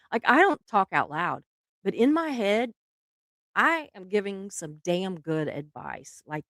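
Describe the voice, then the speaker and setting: A woman's voice: mid-range voice, fairly bright tone, no room sound, studio quality. A middle-aged woman, hosting a casual live stream, chatty and laughing often, trailing off mid-sentence.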